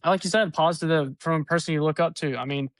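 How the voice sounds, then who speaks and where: Laid-back agreeing man, slightly high. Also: quick pace, no echo. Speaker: podcast co-host. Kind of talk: casual chat.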